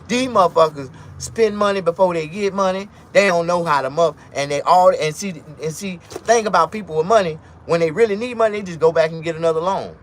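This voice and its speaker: A man's voice: fairly high pitch, slight background noise. A man delivering a blunt, profane, casual monologue rant as a vlogger, telling stories along the way.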